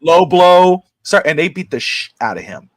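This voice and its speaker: A man co-hosting a casual sports talk stream, recounting events with excitement and plenty of fillers. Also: on the high side, quick pace, breathy edge, dry recording. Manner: excited storyteller, many fillers. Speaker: sports talk show co-host.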